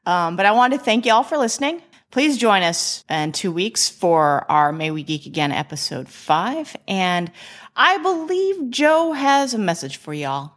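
A woman from Chicago co-hosts a pop-culture podcast in loose, casual chat. She swears freely, gushes about what she likes and keeps restarting her sentences, at an ordinary middle pitch. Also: very animated, measured pace, a bit bright. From Chicago, USA. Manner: profane, enthusiastic, restarts often. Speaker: podcast co-host.

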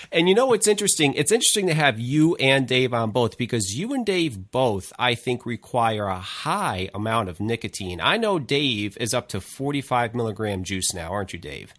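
A man hosting a casual live talk show in a chatty, informal way with halting restarts. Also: mid-range voice, sing-song, a bit bright, no echo, studio quality. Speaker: host. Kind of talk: casual chat.

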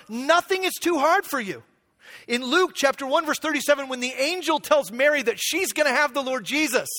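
A man's voice: very high-pitched, sharp tone. A man preaching a conversational sermon, acting out quotes and building in intensity. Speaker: pastor.

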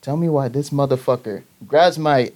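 A man's voice: mid-range voice, moderate pace. A young man from the Boston area, telling a story in casual chat with friends and acting out the voices he quotes. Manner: animated storytelling, acts out quoted voices, laughs through lines.

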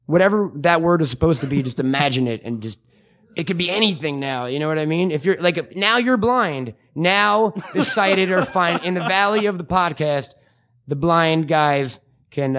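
A man with a slightly high voice co-hosts a podcast, riffing in loose comedic banter. He swears freely and jokes constantly, tossing in quick impressions of his friend. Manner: profane, joking, lively impressions. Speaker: podcast co-host.

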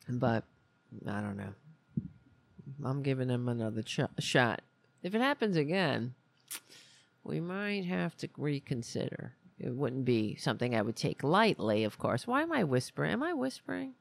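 Gravelly slow-talking grumbling podcast host. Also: mid-range voice, no echo. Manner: rambling, grumbling, lots of restarts. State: irritable. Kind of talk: casual political talk.

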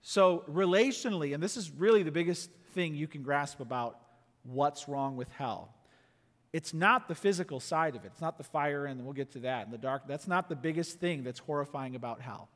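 Earnest high-voiced male preacher. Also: moderate pace, long reverb tail. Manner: earnest, emphatic, drops to quiet intensity. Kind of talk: sermon teaching.

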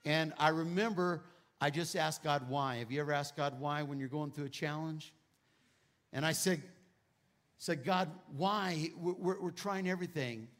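Man, pastor, sermon testimony, middle-aged, emphatic, slightly high pitch. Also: normal speed. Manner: emphatic preaching, swings between hushed quotes and loud exclamation.

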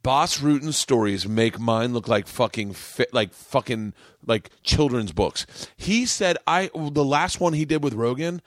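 Excitable man hosting a dry-sounding podcast. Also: mid-range voice, a little slow, no echo. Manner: excitable, emphatic storyteller. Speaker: podcast host. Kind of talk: casual chat.

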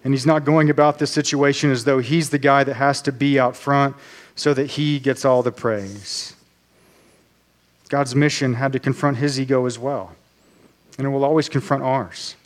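A man preaching a sermon as pastor, earnest and measured, slowing down on key phrases. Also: medium pitch, fairly even intonation.

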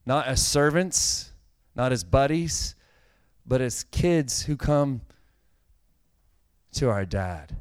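A man's voice: mid-range voice, slow, long pauses, smooth, dry recording. A middle-aged man, a pastor, preaching a conversational sermon and telling stories with growing animation. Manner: conversational, animated storytelling with a dry joke.

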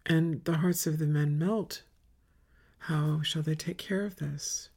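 A woman leads a meditative spiritual retreat talk, speaking very slowly with a gravelly, husky edge. She often sinks into a near whisper and lets phrases pile up in long, chant-like lists. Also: low voice, fairly even intonation. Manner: soft, often dropping to a whisper, incantatory lists.

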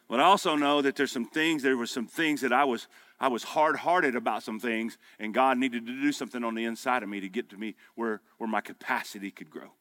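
Pastor guy in his 50s preaching, bright forceful voice, gets loud then goes quiet for stories. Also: medium pitch, brisk, dry recording. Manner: punchy preaching, swings from loud exhortation to quiet storytelling. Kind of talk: sermon. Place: breakfast meeting room.

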